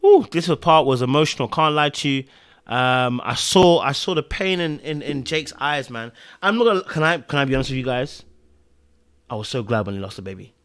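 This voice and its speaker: Animated man recapping TV. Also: medium pitch, brisk, clean tone, no echo. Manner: animated, repeats phrases for emphasis. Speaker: TV recap podcast host. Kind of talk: casual recap commentary.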